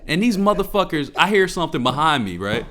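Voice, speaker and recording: Animated, lively man ranting profanely. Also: a little high, fast talker. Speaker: podcast co-host. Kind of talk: casual chat.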